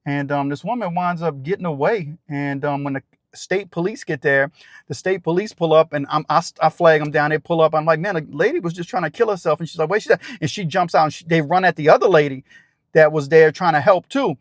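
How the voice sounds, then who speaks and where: A man with a high voice tells his story straight to his audience, tumbling over his words and acting out every shout. The sound is dry and close, with no room around it. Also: a little fast, no room sound. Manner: excited, acts out shouted quotes, rambling restarts. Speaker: channel host telling a true story. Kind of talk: animated storytelling to camera.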